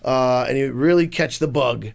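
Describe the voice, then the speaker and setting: Gravelly man telling rambling stories. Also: medium pitch, normal speed. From Missouri, USA. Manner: rambling self-deprecating storytelling. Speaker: guest, improv comedian. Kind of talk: casual interview chat.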